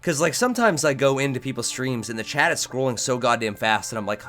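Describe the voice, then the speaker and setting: A man's voice: mid-range voice, animated, fast talker, fairly bright tone. A young man hosting a game live stream, talking casually with his chat in a rambling, profane way.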